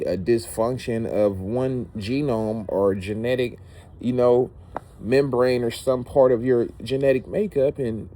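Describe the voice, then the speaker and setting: A man speaks in a low, warm, mellow voice. He rambles through a heartfelt personal monologue, piling up repeated phrases for emphasis, over a faint background hiss. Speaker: vlogger.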